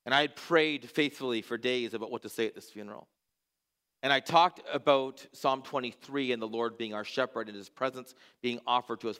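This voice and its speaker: A pastor preaches to his church, his voice bright and forward. He tells stories earnestly and lets his voice sink low and quiet when a moment turns tender. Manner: earnest, drops to a hushed voice at emotional moments. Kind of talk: sermon storytelling.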